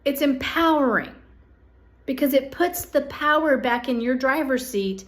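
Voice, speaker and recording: A woman with a slightly raised voice speaks straight to her viewers about energy and the body. Her tone is earnest and coaxing, and she keeps checking in with a quick "okay?" as she urges them along. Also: high-pitched, animated, fairly bright tone. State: hiccups. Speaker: psychic energy reader. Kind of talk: direct-to-camera monthly energy forecast.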